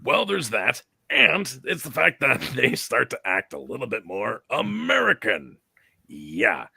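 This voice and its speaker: A man hosts a casual, opinionated chat with an emphatic, animated delivery and a bright, forceful tone. His voice is gravelly and a bit raspy, and the recording is dry and close. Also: mid-range voice, unhurried, dry recording. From Canada. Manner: animated, emphatic, repeats words. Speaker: host.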